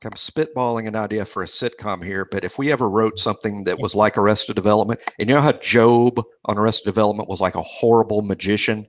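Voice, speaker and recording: A man's voice: on the low side, quick pace, hardly any pauses, slight background noise. A man hosting a podcast, talking in a dry, wry, self-deprecating way. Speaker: podcast host. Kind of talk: casual chat.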